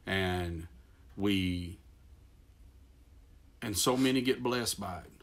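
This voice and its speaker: A man's voice: sits low, slow. A middle-aged man with a Texas accent, preaching in a folksy, self-deprecating way that rambles with fillers and restarts. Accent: Texan. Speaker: pastor. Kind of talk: folksy sermon.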